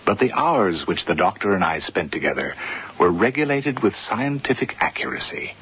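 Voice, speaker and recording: In a 1950s-style BBC radio drama, a male actor voices a refined, reflective young gentleman narrator in a polished, lyrical, slightly teasing manner. His fairly low voice is very animated and reflective in mood, at normal speed. The dull lo-fi radio recording carries a faint hiss.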